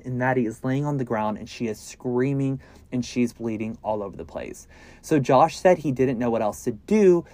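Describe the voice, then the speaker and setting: A man hosting a true crime podcast, telling the case casually with lots of filler words and dropping to a hush at grim moments. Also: medium pitch, no room sound.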